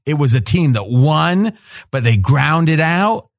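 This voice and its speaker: A man hosting a sports betting roundtable, pressing the others with rapid-fire questions and often cutting in. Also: fairly high pitch, lively intonation, vocal fry, no room sound, clean studio sound. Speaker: host.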